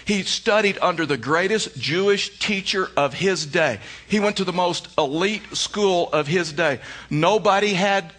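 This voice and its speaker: A man's voice: sits high, measured pace, hardly any pauses, a bit bright. A middle-aged male pastor preaching a sermon, telling stories with emphatic repeated phrases. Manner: storytelling with emphatic repetition.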